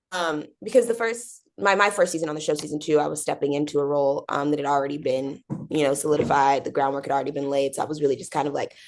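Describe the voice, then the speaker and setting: Young woman, casual interview, bubbly and chatty, slightly low voice. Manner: bubbly, chatty, full of fillers and acted-out quotes. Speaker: actor being interviewed.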